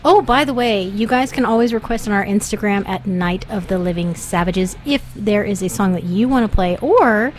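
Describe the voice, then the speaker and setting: A woman's voice: medium pitch, moderate pace, few pauses, a little hiss or hum. A woman co-hosting a late-night music radio show, chatting playfully and gushing about the songs. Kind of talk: casual radio banter.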